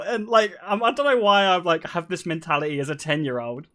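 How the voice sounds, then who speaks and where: A young man streaming and chatting casually, telling stories in an animated way with frequent laughter. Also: high-pitched, quick pace, hardly any pauses. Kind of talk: casual chat.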